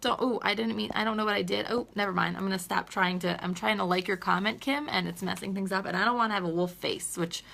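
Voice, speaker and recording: Speaking fast with barely a pause, this woman has a creaky, slightly bright mid-range voice. She's in her thirties, a teacher and mother on an emotional phone livestream, talking sincerely to viewers as she laughs and fights back tears.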